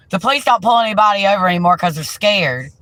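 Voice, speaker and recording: A woman's voice: mid-range voice, a bit bright, no room sound, low-quality recording. A woman ranting heatedly and profanely during a live stream, talking into a handheld phone from inside a car.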